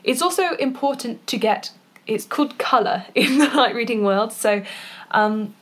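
A woman's voice: on the high side, normal speed, a bit bright. A woman who is a voice actor and poet, giving performance tips in a chatty, informal way, now and then demonstrating exercises with her voice. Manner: chatty, with fillers and small laughs, demonstrating vocal exercises. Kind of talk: casual instructional talk.

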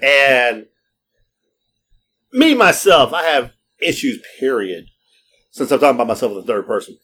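A man's voice: mid-range voice, animated, normal speed, sharp tone. A middle-aged man co-hosting a podcast, brash and joking, laughing often and swearing freely in casual banter. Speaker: podcast co-host.

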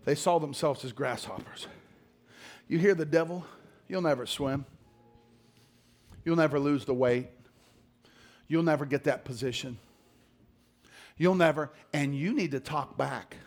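A middle-aged male pastor preaching a sermon, dropping to low murmurs and climbing to shouted exhortation. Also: a little slow, long pauses.

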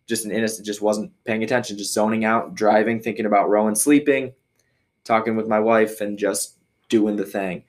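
A man from Michigan hosting a podcast, telling a story casually and rambling with many fillers and restarts. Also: fairly low pitch. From Michigan, USA. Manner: acts out others' voices when quoting. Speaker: podcast host.

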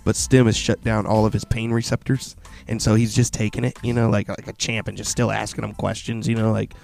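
A young man casually retelling a movie plot in animated, swear-filled chat. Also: on the low side, fairly quick, gravelly.

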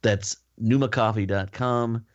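A man's voice: lowish voice, fairly even intonation, unhurried, lo-fi sound. A man co-hosting a podcast, reading an ad playfully and chatting with some hesitation. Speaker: podcast co-host reading ads. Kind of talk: casual chat.

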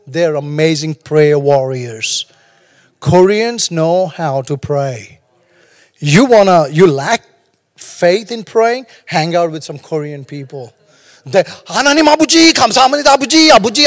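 A man's voice: on the high side, a little mellow, big-room sound. A man preaching a sermon as pastor, talking conversationally and joking between stories. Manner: humorous, conversational preaching with storytelling asides.

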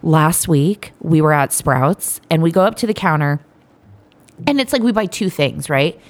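Low-voiced woman telling crude stories. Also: normal speed. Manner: animated, profane storyteller. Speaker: podcast co-host. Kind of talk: casual crude chat.

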